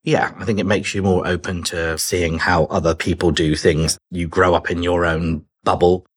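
A man's voice: sits low, level tone, moderate pace, husky. A middle-aged man, a podcast guest, chatting casually, laughing easily and acting out remembered conversations. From Britain.

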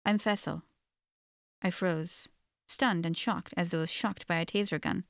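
A woman reads a first-person novel aloud in an earnest, reflective manner. Her voice sits fairly low, and the recording is dry and close with no room sound. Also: fairly even intonation, measured pace, no room sound. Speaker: audiobook narrator. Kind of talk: first-person audiobook narration.

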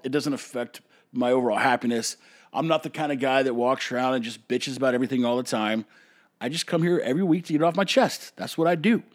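Male podcast host, slightly higher voice, blunt and opinionated, heated rants that settle back to calm. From United States. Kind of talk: solo opinion podcast rant.

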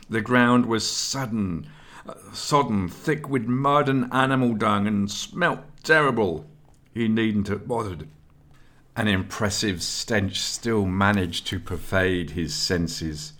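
A man narrating an audiobook in a steady, expressive storytelling manner. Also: low voice.

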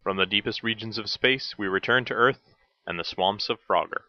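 A man's voice: fairly low pitch, fairly quick, lo-fi sound, loud music behind the voice. A man narrating a scripted retro cartoon review as host, with dry joking asides.

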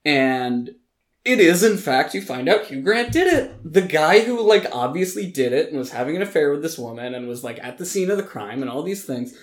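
A man co-hosting a casual podcast, giving animated, opinionated reviews with frequent ums and restarts. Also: mid-range voice, moderate pace. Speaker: podcast co-host reviewing films and TV. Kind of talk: casual chat.

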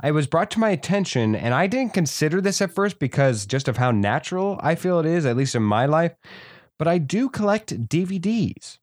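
A man's voice: fairly high pitch, big pitch swings, normal speed, darkish tone, no echo. Male co-host, rambling casual talk, dry close sound. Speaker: podcast co-host. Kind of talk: casual chat.

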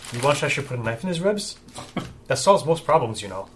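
Man doing a deadpan thug who solves things with a knife, Russian accent, faint noise. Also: medium pitch, brisk. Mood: menacing deadpan. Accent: mock Russian. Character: blunt male bodyguard thug, sword-happy.

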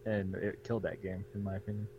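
An American man co-hosting a podcast, teasing and animated, swearing freely in casual chat. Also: on the low side, fast, phone-quality sound, slight background noise. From United States. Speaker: podcast co-host.

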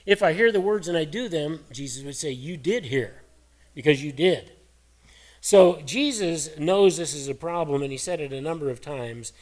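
A middle-aged man preaching a sermon in a folksy, earnest, conversational way, his voice hoarse and cracking. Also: a little high, moderate pace, few pauses. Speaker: pastor.

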